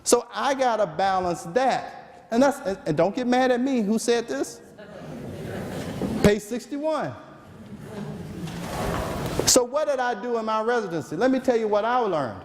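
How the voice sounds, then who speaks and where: Southern man, physician lecturer, high voice, teasing Q&A style, reverberant hall. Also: expressive, a little slow, pauses often, background noise. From American South. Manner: joking, asks the audience questions and answers them. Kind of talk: medical seminar lecture. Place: seminar room.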